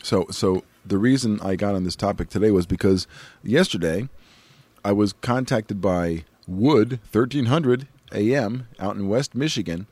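A man's voice: lowish voice, measured pace, a little mellow, husky, no room sound. A man co-hosting a casual podcast, rambling, laughing easily and chewing while he talks. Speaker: podcast co-host. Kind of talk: casual chat.

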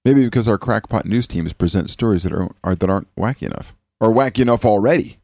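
A man's voice: fast, a little mellow, no room sound. Laughing male podcast host, dry sound. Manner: joking, rambling, laughs often. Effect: pitch-shifted high cartoonish voice. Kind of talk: casual chat. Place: studio.

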